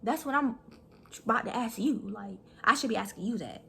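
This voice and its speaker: A young woman telling a story in a vlog, animated and profane, talking fast. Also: fairly high pitch, gravelly, slightly rough. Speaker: vlogger.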